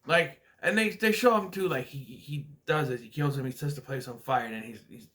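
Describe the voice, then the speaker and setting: A man's voice: medium pitch, a little fast, fairly bright tone. A man casually reviewing a movie for his vlog, rambling with many restarts and acting out scenes. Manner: rambling, hesitant, many restarts and acted-out quotes.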